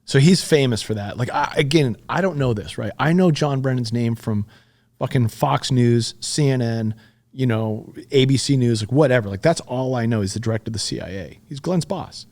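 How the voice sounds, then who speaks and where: A man's voice: mid-range voice, moderate pace, darkish tone. Casting: man in his fifties, mid-range voice, blunt and profane storyteller on a podcast. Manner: blunt and profane, retelling events with heat. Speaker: podcast guest. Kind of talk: conversational storytelling.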